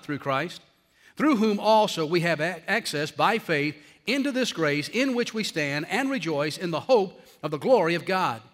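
The long echo of a big hall, perhaps a church sanctuary, carries a male pastor's high, bright, forceful voice as he preaches. He stresses his key phrases heavily, drawing them out almost to a crawl.

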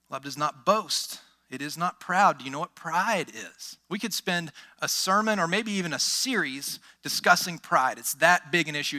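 Bright, high-voiced man preaching a sermon. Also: expressive, moderate pace, hardly any pauses. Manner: emphatic, rhetorical questions, exclamations. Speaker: pastor.

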